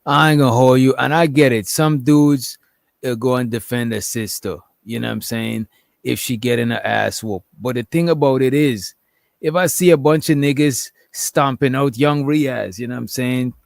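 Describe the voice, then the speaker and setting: A man's voice: medium pitch, steady tone, normal speed, creaky, no echo, clean studio sound. A man in a casual panel debate, laid-back and slangy, laughing as he talks.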